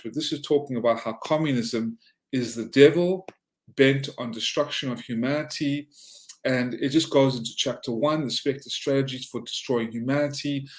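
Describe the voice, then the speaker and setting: A man with a Southern Georgia accent, a podcast guest talking in a heated, ranting way and often tripping over his words. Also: mid-range voice. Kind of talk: casual podcast chat.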